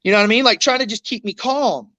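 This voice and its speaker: A man's voice: high-pitched, fast talker, bright, forceful tone, dry recording. A man, an interview guest telling a painful story in raw, blunt words, swearing often and acting out what others said.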